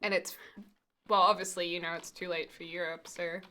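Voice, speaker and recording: Woman streamer, playful and giggly, bright tone. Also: lowish voice, little pitch movement, moderate pace. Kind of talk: casual live-stream chat.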